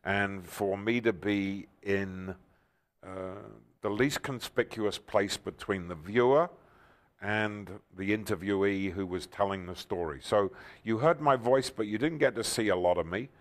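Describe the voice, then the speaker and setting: An older man, a talk show guest telling stories with enthusiasm and loud, excited outbursts. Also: lowish voice, unhurried. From England. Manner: enthusiastic, bursts into loud exclaiming when excited. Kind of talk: animated storytelling interview.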